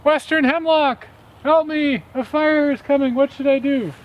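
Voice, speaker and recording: Man putting on a tiny mouse voice, squeaky, panicked, pleading, storybook tale. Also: steady tone, measured pace, highs cut off, a little hiss or hum. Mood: pleading, urgent. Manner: breathless pleading cries. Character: small frightened male mouse fleeing fire.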